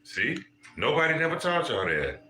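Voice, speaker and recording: A man hosting a casual livestream and giving spiritual readings. He talks straight to his viewers in an animated, profane way. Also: fairly high pitch, moderate pace, a little hiss or hum. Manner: animated, profane, addresses chat viewers directly. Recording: echoey room with music playing. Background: music.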